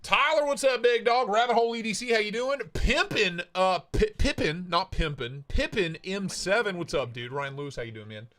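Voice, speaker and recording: A man hosting a casual live stream, playfully greeting chatters by name with jokey shout-outs. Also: high voice, expressive, normal speed, few pauses. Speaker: livestream host.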